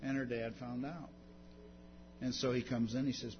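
A man preaching a sermon, swinging between loud emphatic passages and low, intimate storytelling. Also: level tone, moderate pace, pauses often. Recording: dull lo-fi recording with background hum.

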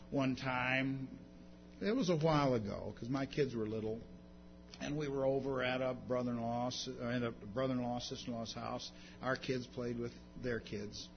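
A man preaching a sermon, swinging between loud emphatic passages and low, intimate storytelling. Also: vocal fry. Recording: dull lo-fi recording with background hum.

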